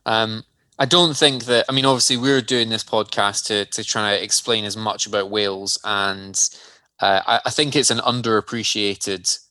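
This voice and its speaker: A man's voice: lowish voice, steady tone, moderate pace, pushed and bright, dry recording. A man co-hosting a podcast, explaining things in plain, friendly terms with some self-deprecating humour. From Scotland. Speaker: podcast co-host. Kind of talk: casual explanatory chat.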